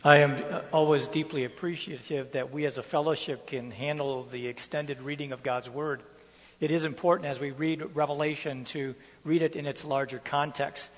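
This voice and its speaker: A pastor explaining scripture in a sermon, teaching with emphatic stresses. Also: male voice, a little high, steady tone, normal speed, big-room sound.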